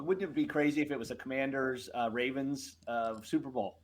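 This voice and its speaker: A man's voice: mid-range voice, a little fast. A man co-hosting a casual podcast, talking in a chatty, hesitant way with many fillers. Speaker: co-host. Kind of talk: casual chat.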